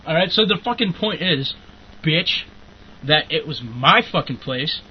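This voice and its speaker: High-voiced young man ranting with profanity. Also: lively intonation, a little slow. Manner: profane, rambling, bursts into angry shouting. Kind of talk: casual ranting chat. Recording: muffled lo-fi recording with faint hiss.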